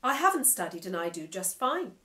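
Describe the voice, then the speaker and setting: A woman's voice: mid-range voice, very animated, brisk, pushed and bright. A woman voicing a smug male AI that talks through a big digital mouth, pompous and over-enunciated. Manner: pompous, self-satisfied, enunciating every syllable.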